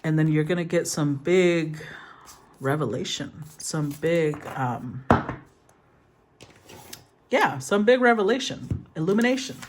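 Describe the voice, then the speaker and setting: A woman's voice: low-pitched, lively intonation, slow, long pauses, a little hiss or hum. A woman giving a casual tarot reading, soothing in tone, thinking aloud and rephrasing as she goes. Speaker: tarot reader.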